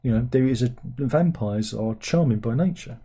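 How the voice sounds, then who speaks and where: A man hosting a livestream, rambling sardonically through viewers' comments with sudden incredulous squeaks. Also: lively intonation, moderate pace, mellow. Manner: rambling, sardonic, with incredulous high-pitched outbursts. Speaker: livestream host reading chat. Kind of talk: casual chat.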